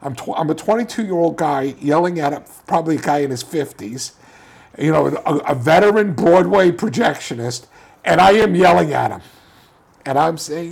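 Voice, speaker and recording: A man with a gravelly, husky voice that sits a little high. He tells his story animatedly, doubling back on his words and restarting his sentences. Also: normal speed. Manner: animated, repeats words, restarts, laughs while telling stories. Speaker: filmmaker guest. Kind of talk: casual storytelling interview.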